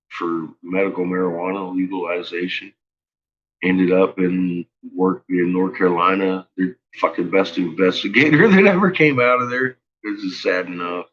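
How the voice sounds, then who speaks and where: Deep-voiced man, profane, stammering storyteller, muffled lo-fi sound. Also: normal speed, a bit bright. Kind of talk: casual rambling monologue.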